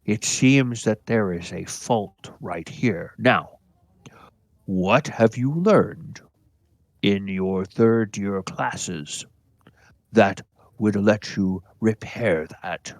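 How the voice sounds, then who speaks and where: A wise old stone giant professor, voiced by a man, lectures his students in a slow, measured way. The voice is low and unhurried. The recording is dry and close. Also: no echo. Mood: lecturing.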